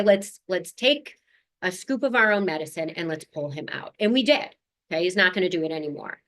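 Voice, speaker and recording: A woman psychologist speaking to a community audience in a slightly low voice. She keeps it conversational and earnest, moving between advice and personal stories. She checks in with the room as she goes. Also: fairly bright tone. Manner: speaks directly to the audience, checking in with "right?" and "okay". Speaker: clinical psychologist presenting. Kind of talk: community lunch-and-learn presentation.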